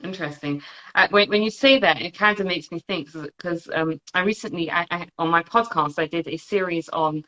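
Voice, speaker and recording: A woman podcast host interviewing her guest, lively and often restarting her words. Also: fairly low pitch, fairly quick, muffled recording. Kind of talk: casual video-call interview.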